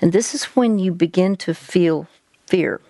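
Slow, low-voiced woman giving advice. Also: mellow, no room sound. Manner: measured, patient, guiding the caller step by step. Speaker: host giving faith-based advice.

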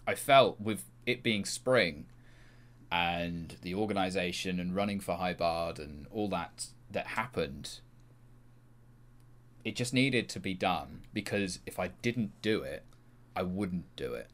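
A man's voice: deep voice, animated, takes it slowly, a bit bright. A man appearing as a guest on a podcast, chatting casually and hesitantly, with frequent fillers and trailing sentences. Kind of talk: casual chat.

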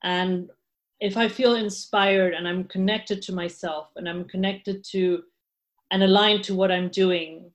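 A woman's voice: fairly low pitch, fairly even intonation, measured pace. A woman guest in an interview, talking candidly with frequent laughs and restarts. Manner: candid, laughs often, many fillers and restarts. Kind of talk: casual interview talk.

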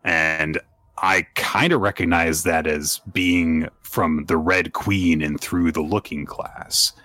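A man's voice: low voice, steady tone, takes it slowly, sharp tone. A man hosting a casual podcast, recapping a story in a rambling way and laughing between points. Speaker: podcast host.

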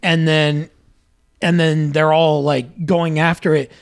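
A young man co-hosting a casual podcast, excitedly retelling scenes, swearing freely and acting out the quotes. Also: on the high side, slow pace, clean tone. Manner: excited, profane, acts out quotes. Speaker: podcast co-host.

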